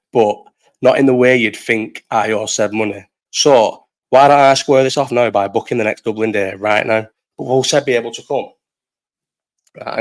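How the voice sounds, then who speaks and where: A young man from Bolton with a Northern English accent, hosting a casual live chat in a rambling, sweary way and laughing often. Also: mid-range voice. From Bolton, England. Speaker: live stream host.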